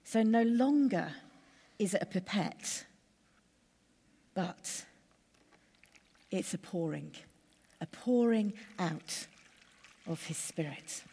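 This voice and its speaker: A woman preacher giving a sermon in a measured, conversational way, building lists with steady pauses. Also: medium pitch, creaky, slightly rough, big-room sound.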